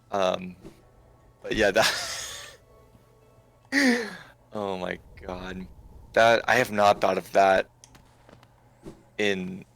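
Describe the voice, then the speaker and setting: Young male co-host, lively pitch, giggly, halting casual storyteller on a call. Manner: laughing often, halting with many restarts and fillers. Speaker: game commentary co-host. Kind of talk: casual storytelling over gameplay. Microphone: remote call with screen share.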